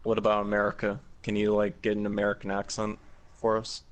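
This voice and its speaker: A man's voice: fairly low pitch, monotone, brisk. A man co-hosting a podcast with blunt, mocking banter in casual chat. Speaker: podcast co-host.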